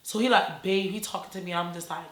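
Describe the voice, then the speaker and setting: A young woman from Baltimore with a Baltimore accent, telling a rambling, animated storytime full of "like" and slang. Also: on the low side, fast talker, reverberant. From Baltimore, USA. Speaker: YouTuber. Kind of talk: casual storytime vlog.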